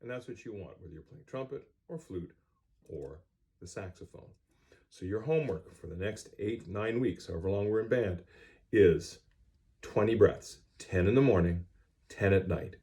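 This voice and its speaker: With a fairly low, dark voice, animated and moderately paced, a middle-aged band teacher instructs a music class. His speech is plain and direct. The clip comes from a cell phone recording.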